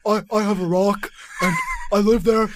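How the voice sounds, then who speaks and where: A podcast co-host bantering through an improv game, excitable and laughing often. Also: mid-range voice, moderate pace, noisy background. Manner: giggly, excitable.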